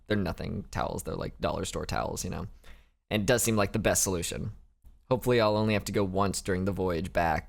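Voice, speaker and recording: Candid rambling young vlogger voice. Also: male voice, lowish voice. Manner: candid, rambling, self-interrupting with laughs. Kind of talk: casual narrated recovery diary.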